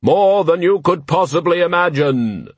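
Man playing a spectral rider, very slow, deadpan, grim, husky, storybook. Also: a little high, dry recording, voice pushed up. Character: grim, unhurried supernatural male rider.

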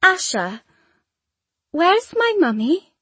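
A man's voice: very high voice, big pitch swings, slow, a bit bright, dry recording, voice pushed up, exaggerated voice. A man voicing a hungry, curious eight-year-old girl who asks plaintive questions in an audiobook. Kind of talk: audiobook character voice.

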